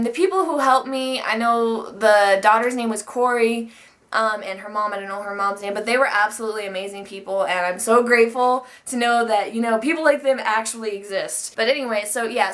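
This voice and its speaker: A woman's voice: fairly high pitch, a bit bright. A young woman vlogger telling a personal story in a chatty, rambling way, full of fillers and frequent swearing. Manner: chatty, swears often, many likes and restarts. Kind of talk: casual storytime monologue.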